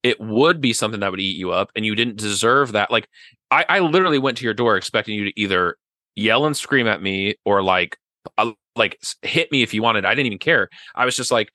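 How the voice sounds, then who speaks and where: Earnest bright-voiced man chatting. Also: lowish voice, brisk, no echo. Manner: earnest, rambling, many "like" and "right?". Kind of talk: casual podcast chat.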